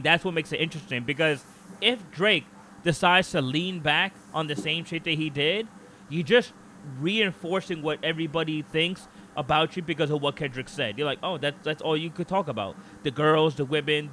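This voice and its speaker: A man co-hosting a casual podcast, animated and opinionated, often slipping into quick impressions of what other people would say. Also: a little high, slight background noise. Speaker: podcast co-host.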